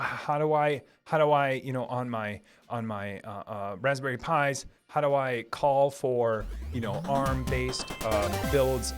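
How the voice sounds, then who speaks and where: A man with a Minnesota accent, a software engineer hosting a casual live stream and answering chat with eager, filler-heavy talk. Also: medium pitch. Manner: enthusiastic, lots of fillers and restarts.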